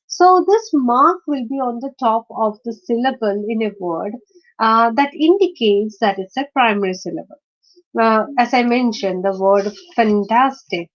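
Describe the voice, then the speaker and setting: A woman with a fairly high voice gives an online lecture, working through her points slowly with frequent pauses and restarts. The sound is dull and lo-fi, as if captured on a computer microphone. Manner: hesitant, many fillers and restarts. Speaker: teacher. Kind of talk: screen-shared online lecture. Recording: dull lo-fi recording.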